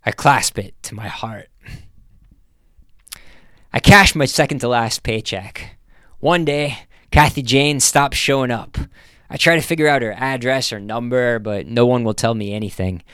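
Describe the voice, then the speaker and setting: A man narrating a first-person story in a dry, deadpan manner. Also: mid-range voice, unhurried, clear, resonant tone, dry recording.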